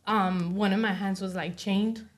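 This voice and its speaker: A woman being interviewed, telling a personal story in a halting way, full of fillers like "you know" and "like.". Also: medium pitch, fairly even intonation. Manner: acts out other people's words while telling her story. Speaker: interview guest.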